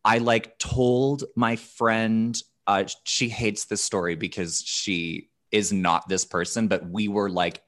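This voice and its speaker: Low-pitched man in his thirties, casual podcast guest, candid and profane, restarts phrases. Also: a bit bright. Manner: candid storyteller, swears often, restarts phrases.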